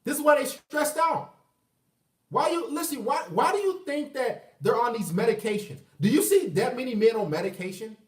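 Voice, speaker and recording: A man's voice: very high-pitched, lively intonation, normal speed. A man ranting in a profane, emphatic, combative livestream monologue. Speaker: vlogger. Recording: echoey room, far from mic.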